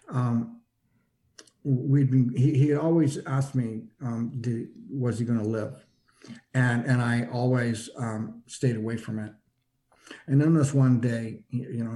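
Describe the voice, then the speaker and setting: A man with a mellow, warm voice recounts a personal experience as a guest, speaking in an easygoing, conversational way. His delivery is halting, full of stops, restarts, and repeated words as he gathers his thoughts, and his pitch rises whenever he acts out other people's lines.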